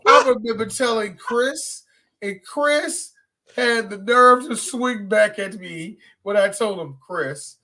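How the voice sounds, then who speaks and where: High, bright-voiced man acting out exchanges. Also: slow pace. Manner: excitable, acts out dialogue. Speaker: podcast co-host. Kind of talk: casual chat, live show.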